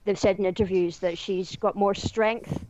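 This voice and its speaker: A woman chatting casually about athletics, chatty and warm. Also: mid-range voice, steady tone, moderate pace. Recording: dull lo-fi line with faint noise.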